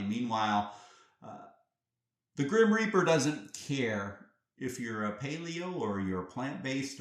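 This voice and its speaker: A man hosting a reflective solo podcast, talking earnestly and conversationally, often restarting phrases and asking the listener rhetorical questions. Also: mid-range voice. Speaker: podcast host. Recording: roomy echo.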